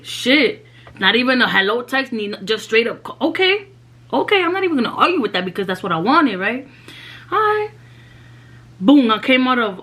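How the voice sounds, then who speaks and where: Young new woman telling a storytime, slangy and animated, drops spanish here and there. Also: mid-range voice. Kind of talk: casual storytime vlog.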